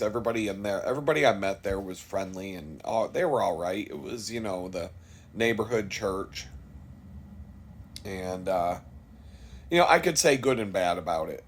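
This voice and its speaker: A middle-aged man with a fairly low voice tells a long personal story off the cuff. He rambles, restarts and swears casually, in a candid vlog style. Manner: rambling, candid, swears freely, mimics people he quotes. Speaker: vlogger.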